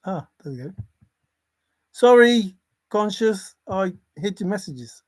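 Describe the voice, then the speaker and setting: A man's voice: high voice, expressive, takes it slowly, no echo. A man hosting a casual livestream, rambling between topics, often chuckling and apologizing. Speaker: livestream host.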